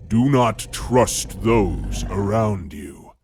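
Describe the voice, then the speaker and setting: A man voicing a huge menacing silver-furred beast that speaks slowly in a deep, growling, contemptuous voice. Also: a little mellow, a little hiss or hum.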